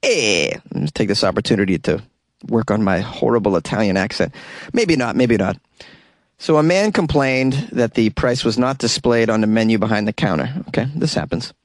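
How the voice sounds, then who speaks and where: A man's voice: lowish voice, expressive, moderate pace, no room sound, clean studio sound. Wry, chatty male radio host. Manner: wry, chatty, sarcastic asides. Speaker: radio talk show host. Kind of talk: casual commentary on news stories.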